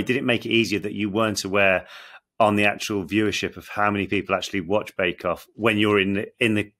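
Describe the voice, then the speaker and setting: A man hosting a chat show, asking a measured, thoughtful question. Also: lowish voice, fairly bright tone. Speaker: host. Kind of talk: casual interview chat.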